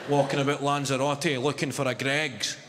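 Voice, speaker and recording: A man performing stand-up comedy, telling stories with animated bursts on punchlines. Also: mid-range voice, very noisy. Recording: echoey hall with loud crowd.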